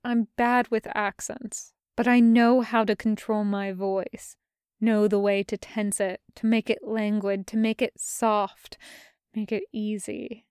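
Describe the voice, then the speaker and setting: A tense young man murmurs low and quiet, as a woman reads him. The delivery is slow and smooth, and the sound is dry and close. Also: level tone, no room sound, natural voice. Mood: hushed, anxious.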